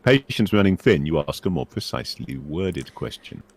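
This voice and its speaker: A man narrating a solo gamebook aloud in a steady, measured way. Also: low-pitched, breathy edge. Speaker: narrator voicing the book.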